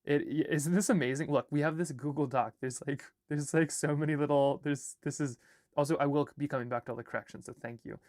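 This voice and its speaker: A man's voice: on the high side, steady tone, fast, darkish tone, no echo, clean studio sound. A young man from Alaska, an artist and filmmaker, chatting casually on a livestream while he rambles through edits and reads chat comments and draft lines aloud.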